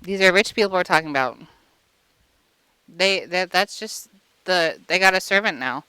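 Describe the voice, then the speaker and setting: A woman's voice: lowish voice, normal speed, pushed and bright, clear, resonant tone, dry recording. A woman vlogger giving a casual comic movie recap, crude and rambling with lots of fillers.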